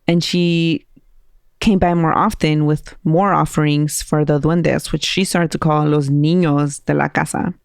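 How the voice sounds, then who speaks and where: A woman hosting a podcast, telling a spooky story in a casual, animated way and acting out the voices of people in it. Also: sits low, unhurried, gravelly, clean tone, no echo, studio quality. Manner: animated, laughing, acts out quoted voices.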